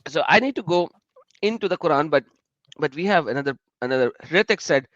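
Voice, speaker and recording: A man's voice: fairly high pitch, brisk, no room sound, muffled recording. A man hosting a live stream in casual chat, telling stories animatedly and talking to viewers in the chat. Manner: animated, laughing storyteller who addresses chat viewers.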